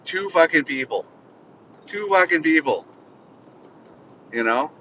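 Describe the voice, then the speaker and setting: A man's voice: lively intonation, slow pace, bright, forceful tone. A man hosting a podcast from inside a car, bitterly venting in an unscripted, profane solo rant. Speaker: podcast host. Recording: slightly muffled, faint vehicle rumble.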